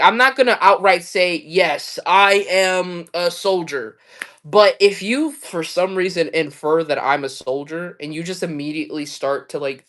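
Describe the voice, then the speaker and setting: A woman's voice: deep voice, fairly bright tone. Candid, swearing woman livestreamer, rambling. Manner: candid, swearing, laughing often, chatty storytelling. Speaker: livestream host. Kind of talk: casual livestream chat.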